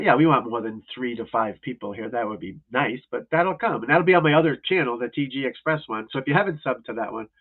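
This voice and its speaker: A man's voice: mid-range voice, vocal fry. A man hosting a livestream as a golf instructor, in a casual, rambling, blunt and profane rant. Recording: tinny phone-like audio.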